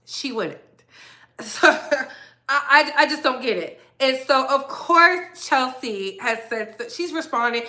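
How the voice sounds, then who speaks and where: High, bright-voiced sassy gossip host. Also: female voice, lively intonation, slow pace. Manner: blunt, emphatic, sassy. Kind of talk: opinionated casual commentary.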